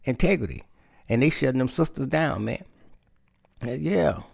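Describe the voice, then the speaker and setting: Gravelly-voiced man, casual commentary monologue that repeats itself and keeps saying "man". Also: mid-range voice, expressive, normal speed, a little mellow. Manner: addresses listeners as "man", repeats himself. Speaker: political commentator.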